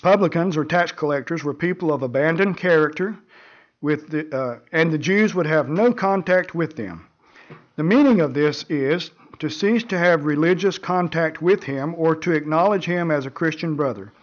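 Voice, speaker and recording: A male preacher delivers his sermon in an earnest, measured way, now and then stumbling over and repeating a word. His voice sits slightly on the high side. The recording sounds dull and low in fidelity. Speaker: pastor.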